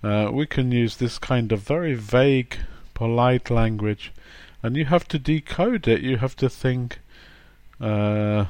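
A man's voice: medium pitch, darkish tone, dry recording. A man giving a chatty, playful grammar lesson, acting out example sentences. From England. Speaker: English teacher.

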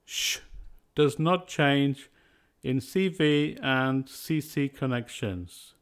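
A man teaching a scripted pronunciation lesson, speaking in slow, carefully spaced words. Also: mid-range voice, clean tone.

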